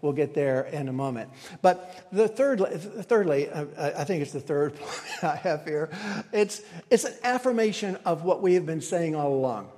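A man preaching a sermon as pastor, in a conversational way with restarts and occasional soft laughs. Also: fairly high pitch. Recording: hall reverb.

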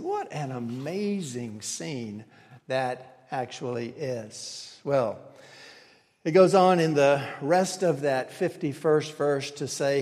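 Male preacher with a raised voice in a reverberant hall. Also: fairly high pitch. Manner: conversational preaching with restarts and soft laughs. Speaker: pastor. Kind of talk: sermon.

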